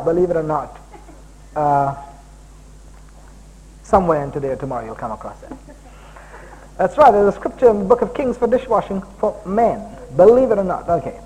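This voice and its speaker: Middle-aged guy from india preaching, high voice, super lively, cracks jokes, bit of hum behind. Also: low-quality recording. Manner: animated, jokey, bursts into high emphatic exclamations. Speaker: guest preacher. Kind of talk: sermon.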